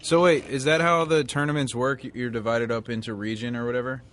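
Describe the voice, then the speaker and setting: A man's voice: medium pitch, fairly even intonation, fairly quick, a bit bright, a little hiss or hum. Laughing man asking questions on a podcast. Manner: asks questions, laughs easily. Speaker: podcast co-host. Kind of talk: casual chat.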